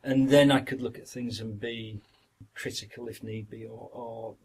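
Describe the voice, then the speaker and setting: A man's voice: mid-range voice, fairly even intonation, moderate pace, darkish tone, a little hiss or hum. A middle-aged man with a Yorkshire accent, a guest actor reminiscing through long anecdotes in a casual podcast interview.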